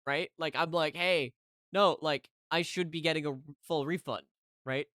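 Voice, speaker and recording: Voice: mid-range voice, fairly even intonation, moderate pace, fairly bright tone, no echo, clean studio sound. A streamer telling a story to chat in a heated, casual rant, keeping on asking "right?".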